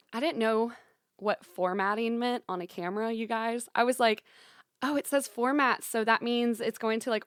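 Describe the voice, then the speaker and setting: A woman's voice: on the high side, a bit bright, clear, resonant tone, dry recording, clean studio sound. A young woman in her twenties hosting a solo podcast, bubbly and upbeat, talking straight to her listeners and often saying "y'all" and "you guys.". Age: young adult; 20s. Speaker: podcast host. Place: small recording studio.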